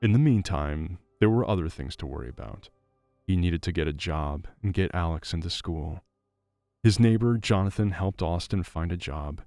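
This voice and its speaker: A man reading a dramatic story aloud as a scripted narration, in a gravelly voice. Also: low voice, expressive, moderate pace, darkish tone, dry recording, soft background music.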